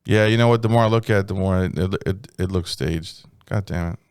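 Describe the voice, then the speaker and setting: A man's voice: low voice, fairly quick, a little mellow, clean tone. A man on a casual comedy podcast, telling stories loosely and with a lot of swearing, acting out the people he describes. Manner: loose, profane storytelling, acts out quoted voices. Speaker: podcast co-host.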